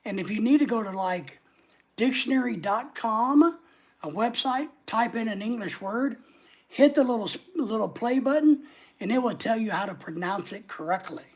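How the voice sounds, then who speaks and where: A man's voice: high-pitched, lively intonation, moderate pace, husky. A man with a neutral American accent hosts a casual livestream, rambling as he reads viewer comments aloud and answers them. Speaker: livestream host.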